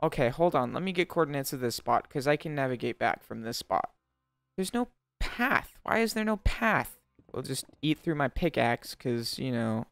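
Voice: mid-range voice, animated, normal speed, vocal fry, a bit bright, no echo. A young adult host giving gameplay commentary, jokey and melodramatic, laughing often and breaking into panicked shrieks when startled. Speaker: Minecraft let's-play host.

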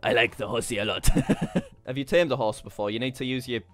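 A young man hosting a gaming commentary, excitable and laughing often. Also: medium pitch, fairly quick, faint music behind. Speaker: YouTuber host.

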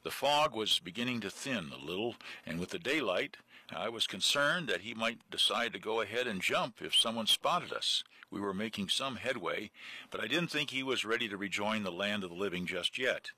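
A man hosting a program, reading a book aloud in a steady, earnest way. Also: fairly low pitch, normal speed, no echo. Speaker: radio program host.

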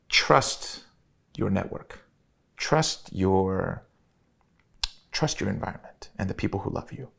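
Gravelly low-voiced man. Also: fairly bright tone. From Chicago, USA. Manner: earnest, pauses with fillers and restarts. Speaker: interviewee. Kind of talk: reflective personal storytelling.

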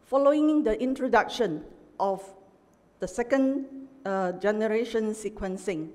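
A middle-aged woman professor giving an academic lecture, measured and emphatic, pausing often with "uh". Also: on the high side, a little mellow. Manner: measured, emphatic, with frequent "uh" pauses. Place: large university lecture hall. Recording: long hall reverb.

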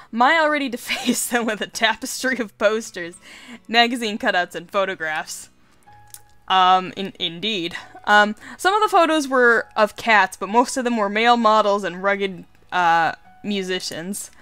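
A woman's voice: a little high, fairly bright tone, smooth. A woman hosting a let's play, reading a dating game aloud with casual, giggly commentary and swearing.

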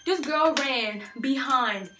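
A young woman vlogger telling a storytime tale in an animated, slangy way, talking straight to her viewers. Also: high-pitched, slow pace, roomy sound, over loud music. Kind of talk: storytime vlog.

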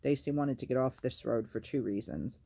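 Guy reading a book out loud, mellow dark voice, kinda gravelly. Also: mid-range voice, moderate pace. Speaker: storyteller. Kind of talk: reading a novel aloud.

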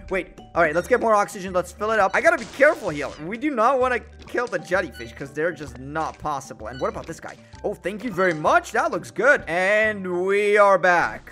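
A man giving excitable, joking let's-play commentary, trash-talking the fish as he plays a game. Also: high-pitched. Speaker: gaming YouTuber.

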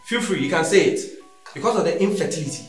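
A man's voice: on the high side, animated, fast, reverberant, over music, lightly acted. A man playing a frustrated husband, bitter and defensive.

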